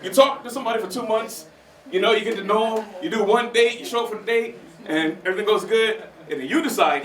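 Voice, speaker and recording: A man's voice: high-pitched, fast, fairly bright tone, recorded from a distance. A man doing a stand-up set at an open mic, talking conversationally to the crowd and laughing at his own jokes, recorded in a roomy small theater from afar. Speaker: stand-up comedian.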